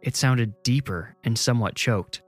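A man narrating a scripted horror story in a measured, suspenseful way. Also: mid-range voice, soft background music.

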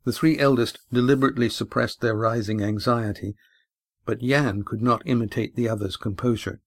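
A man narrating a sailing adventure audiobook in an even, steady reading. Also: mid-range voice, moderate pace, dry recording, studio quality.

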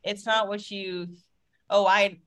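A woman's voice: medium pitch, takes it slowly, clean tone. A woman chatting casually about parenting, talkative and full of fillers. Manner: chatty, lots of fillers, animated retelling. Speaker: podcast co-host, parent. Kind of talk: casual chat.

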